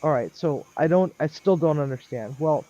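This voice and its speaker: A man telling a long work story on a live stream in a rambling, chatty way, with lots of ums and lively quoted dialogue. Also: on the high side, moderate pace. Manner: chatty, lots of ums, animated when quoting others. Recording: dull lo-fi dry sound.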